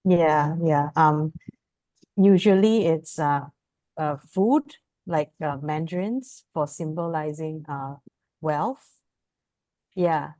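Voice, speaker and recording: A woman's voice: low voice, slow, pauses often, warm tone. A woman guest joining a casual chat, answering in a hesitant way with many fillers.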